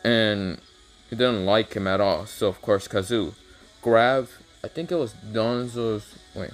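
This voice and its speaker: A man's voice: lowish voice, measured pace, soft background music. A man improvising a fan-fiction story aloud, rambling and hesitant, losing his place and swearing as he goes.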